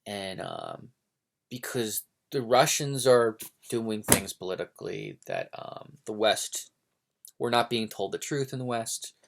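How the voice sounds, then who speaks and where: A man's voice: lowish voice, sing-song, slow pace, vocal fry. A man from the United States talking in a casual, rambling monologue, hesitant with many fillers, restarts and opinionated tangents. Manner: digressive, opinionated. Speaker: book vlogger.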